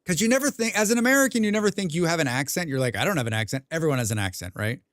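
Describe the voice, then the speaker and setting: A young man streaming a game, chatting casually with his viewers, rambling and clearing his throat often. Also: fairly high pitch, animated, rapid-fire, fairly bright tone, no room sound, clean studio sound. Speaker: gaming livestreamer. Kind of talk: casual livestream chat while playing.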